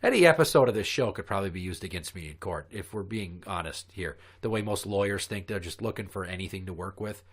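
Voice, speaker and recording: A man's voice: sits low, lively intonation, quick pace, few pauses. A man co-hosting a podcast, talking bluntly and profanely in casual chat and getting heated as he tells stories. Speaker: podcast co-host.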